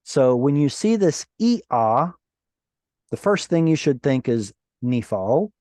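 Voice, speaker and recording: Slow, mellow-voiced male Hebrew teacher. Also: mid-range voice, very animated, no echo, clean studio sound. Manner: patient, playful explaining with quizzing questions. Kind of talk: online Bible Hebrew lesson. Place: online class over video call.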